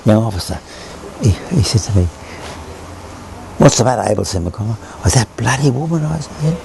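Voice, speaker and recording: A man's voice: medium pitch, animated, a little fast, gravelly, noisy background. An older Australian man, a former sailor, rambles through an oral history story, repeating himself and acting out the voices he quotes.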